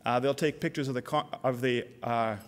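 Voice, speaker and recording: A man's voice: medium pitch, fairly even intonation, normal speed. A middle-aged man from Canada giving a conference keynote, telling stories casually with many fillers and restarts. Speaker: keynote speaker, company CEO. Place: conference hall. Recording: long hall reverb.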